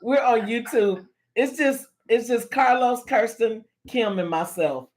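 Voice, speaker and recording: A woman hosts a casual livestream chat, playful and teasing, laughing often with her viewers. Her voice is fairly high and darkish, and she speaks a little slowly.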